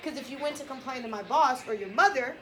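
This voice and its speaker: A woman teaching a high school English class, lecturing in a blunt, sassy, emphatic way. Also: fast talker, fairly bright tone.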